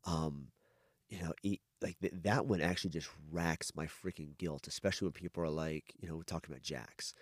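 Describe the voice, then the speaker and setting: Man, middle-aged, very low voice, rapid talk, candid rambling, dry close sound. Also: no echo. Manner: candid, rambling, frequent restarts and swearing. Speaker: adoptive father. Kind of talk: casual podcast conversation.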